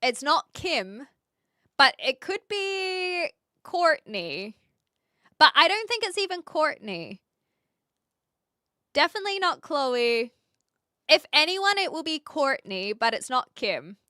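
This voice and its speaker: A woman's voice: sits high, big pitch swings, slow pace, pauses often, pushed and bright, no room sound, clean studio sound. A young woman streaming live, chatting casually with her viewers in a scattered way, full of fillers and restarts. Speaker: livestream host. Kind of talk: casual livestream chat with viewers.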